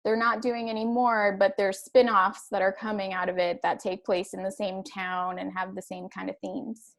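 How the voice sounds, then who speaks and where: Woman, 30s, light Spanish accent, casual co-host, chatty and quick to laugh. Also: mid-range voice. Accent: Latin American Spanish. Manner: chatty, laughs easily, lively storytelling. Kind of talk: casual chat.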